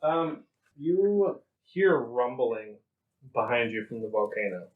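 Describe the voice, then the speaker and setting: A man's voice: mid-range voice, lively intonation, slow pace, narrow, tinny audio. Casual laughing male game master. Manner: casual, laughing often, thinks aloud with fillers. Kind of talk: narrating a tabletop game.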